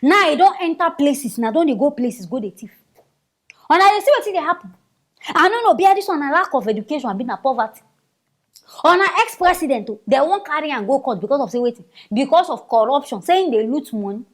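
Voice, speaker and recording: A Nigerian woman delivers casual news commentary, mocking and exclamatory as she talks. Her voice sits high and swings widely up and down. She keeps a chatty tone. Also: big pitch swings, fast talker.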